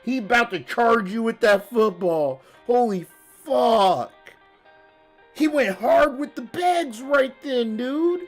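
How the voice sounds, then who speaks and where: A woman streamer reacts live to a show, laughing almost nonstop. She talks in profane slang and drawls her words. Her voice sits a little high, with faint music behind her. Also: expressive, slow pace. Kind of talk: casual live reaction commentary.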